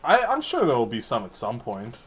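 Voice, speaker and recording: A man's voice: mid-range voice, huge pitch swings, brisk, fairly bright tone, a little hiss or hum. A young man co-hosting a casual podcast, talking in a rambling, sarcastic way with frequent laughs. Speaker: podcast co-host.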